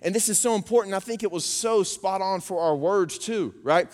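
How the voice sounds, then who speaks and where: A man, preaching a sermon and telling family stories with animated impressions. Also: sits high, moderate pace. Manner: animated storytelling, acting out his daughters' voices. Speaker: pastor. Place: church auditorium. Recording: long reverb of a church hall.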